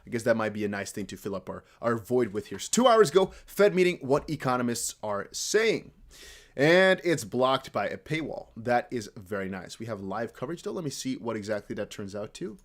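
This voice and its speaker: Crypto streamer, male, from the Netherlands, near-American accent, lively swinging delivery, loose off-the-cuff chatter. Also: mid-range voice, a little fast. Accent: American-sounding English with slight Dutch traces. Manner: rambling, animated, talks to chat. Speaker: crypto livestream host. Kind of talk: casual livestream chat.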